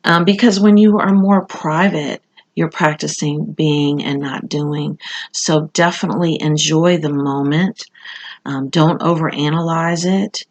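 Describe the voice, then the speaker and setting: A woman's voice: low voice, steady tone, a little slow. A woman giving a casual, conversational tarot reading, talking with frequent fillers and asides. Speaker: tarot reader.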